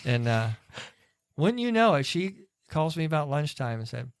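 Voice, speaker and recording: A man's voice: fairly high pitch, big pitch swings, normal speed, clean tone. A middle-aged man on a church podcast tells a long, rambling family story in casual chat, acting out the people he quotes. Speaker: podcast co-host.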